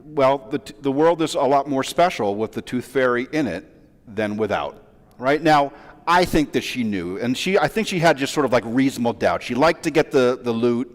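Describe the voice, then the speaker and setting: A man in his forties, a rabbi, giving a sermon as a relaxed, self-deprecating story full of asides. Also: medium pitch, normal speed. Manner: chatty, self-deprecating, with many fillers and asides. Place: large synagogue sanctuary. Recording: long reverb of a large hall.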